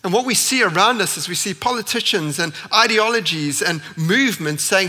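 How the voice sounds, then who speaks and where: A man delivers a church sermon with earnest conviction. His voice sits a touch high and rings bright and forceful. He stacks repeated phrases as he builds his point. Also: lively intonation, a little fast, few pauses, big-room sound. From South Africa. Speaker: pastor.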